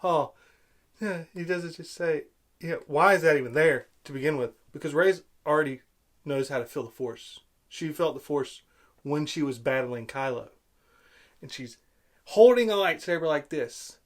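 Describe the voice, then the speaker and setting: A man's voice: fairly high pitch, normal speed. A man giving an angry, sarcastic movie review rant, exasperated and repeating himself. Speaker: video blogger.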